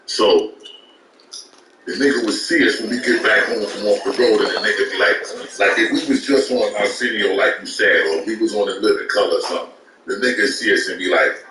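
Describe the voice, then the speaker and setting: A man tells a story in a deep, forceful voice, swearing freely and stumbling over repeated words. The room echoes around him, and he sits back from the mic. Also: lively intonation, brisk, recorded from a distance, slight background noise. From Brooklyn, New York. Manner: profane, rambling, repeats words at restarts. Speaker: guest rapper. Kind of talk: casual storytelling.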